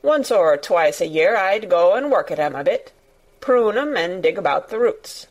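A woman's voice: fairly low pitch, animated, moderate pace, lightly acted. A woman doing a grumbling old gardener. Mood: grudging. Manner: grunting, grumbling, curt. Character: grumbling old male gardener, gruff and cross.

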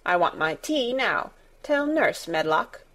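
A woman reading the part of a sickly, demanding young boy in a storybook, a little higher than her narrating voice. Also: sing-song, slow, fairly bright tone. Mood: imperious. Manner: demanding, petulant.

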